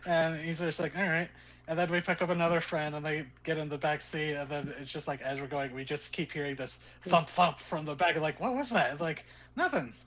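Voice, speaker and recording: A man's voice: a little high, brisk, lo-fi sound. Rambling man running a tabletop game. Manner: rambling, animated storyteller with frequent "like". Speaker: game master. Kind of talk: narrating a tabletop game and telling anecdotes.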